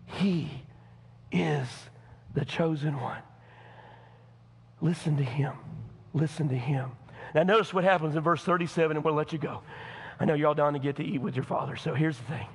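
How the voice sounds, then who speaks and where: A man pastor with a Southern accent preaching a folksy sermon, speaking straight to the congregation and swinging from hushed tones to shouting. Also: fairly high pitch, creaky, husky. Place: church. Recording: long church hall reverb.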